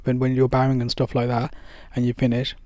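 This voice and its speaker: A man talks through advice in a loose, conversational way, with plenty of fillers. He acts out little dialogues as he goes. His voice is mellow and dark, and it is recorded dry and close. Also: medium pitch, completely flat delivery, brisk, dry recording. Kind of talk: casual advice monologue.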